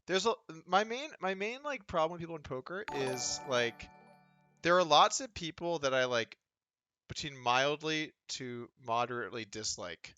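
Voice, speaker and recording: A man's voice: fairly high pitch, expressive, normal speed, bright, forceful tone, soft background music. A man, chatting casually and sardonically while streaming poker from home. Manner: rambling, sardonic, mocking impressions of others. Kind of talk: casual livestream chat while playing online poker.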